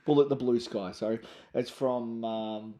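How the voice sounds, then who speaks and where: A man's voice: mid-range voice, steady tone, measured pace, warm tone. A middle-aged man from Australia co-hosting a podcast in casual, jokey banter, laughing often and singing misheard lyrics. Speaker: podcast co-host.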